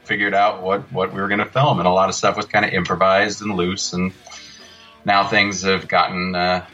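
A man's voice: low voice, little pitch movement, moderate pace, bright, forceful tone, muffled recording, soft background music. A man, a guest filmmaker, telling loose, laughing stories in a casual interview.

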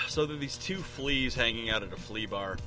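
Man, podcast guest, hesitant, rambling joke, music clearly behind. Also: mid-range voice, moderate pace. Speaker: podcast guest, band member. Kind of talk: casual chat, telling a joke.

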